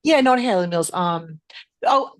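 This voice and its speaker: A woman's voice: on the low side, animated, a little slow, no room sound. Middle-aged female podcast host, emphatic delivery, dry close-miked sound. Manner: emphatic, stresses words. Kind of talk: casual podcast conversation.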